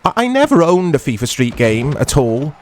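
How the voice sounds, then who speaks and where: A man's voice: a little high, very animated, normal speed, a little hiss or hum. Chatty man commentating gameplay. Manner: chatty, self-deprecating, talks to viewers while playing. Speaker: retro gaming channel host.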